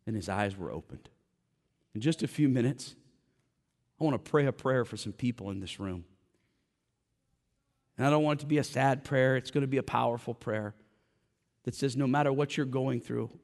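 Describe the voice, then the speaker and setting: A man's voice: medium pitch, darkish tone, big-room sound. A man preaching a sermon in a church, impassioned and direct, with a joking aside now and then. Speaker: pastor. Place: church sanctuary.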